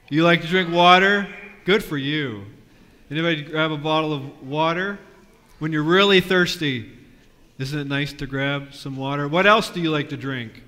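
A man leading a lively children's sermon, asking the kids questions in a church with a balcony. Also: a little high. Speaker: pastor. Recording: long reverb of a church.

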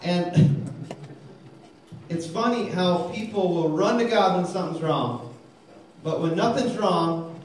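A man preaching a lively sermon, calling for amens and telling jokes, recorded in a church hall. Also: sits high, slow, pauses often, a little hiss or hum. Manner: energetic, calls for amens, tells jokes. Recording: very echoey hall, mic far off.

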